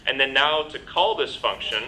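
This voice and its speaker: A man lecturing a programming bootcamp, walking through code on the fly. His voice is bright and forward, his delivery chatty and full of ums. The recording carries the echo of a lecture room and a faint hiss underneath. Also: mid-range voice, expressive, normal speed. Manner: explains with many ums and you-knows, asks "right?". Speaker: bootcamp instructor. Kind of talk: live lecture with coding demo. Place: lecture hall.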